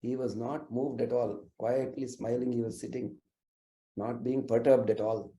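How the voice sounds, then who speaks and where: A man recounts sacred stories in an earnest, explanatory lecture, pausing on fillers and restarting his phrases. His voice is deeply mellow and dark, set in a roomy, echoing space. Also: fairly even intonation. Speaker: storyteller. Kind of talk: religious storytelling lecture. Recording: roomy echoey recording.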